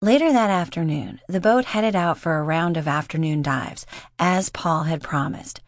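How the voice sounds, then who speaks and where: A woman narrating an audiobook in a steady, measured reading voice. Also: deep voice, no room sound, studio quality. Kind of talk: scripted narration.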